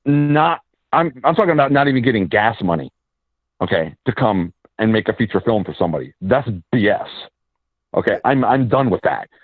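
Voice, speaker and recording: A man, an independent filmmaker and actor, telling stories in a casual interview with quick asides and restarts. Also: fairly low pitch, sing-song, no echo. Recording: tinny phone-line sound.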